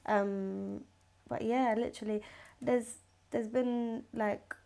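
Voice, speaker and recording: A woman's voice: a little high, steady tone, slow, gravelly, dark tone. A young woman, chatting casually as a podcast guest, swearing freely and full of slang and fillers. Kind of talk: casual chat.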